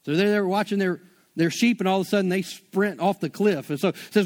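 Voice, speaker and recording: Man preaching, high-pitched, laid-back and conversational with slang. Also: quick pace. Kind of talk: sermon.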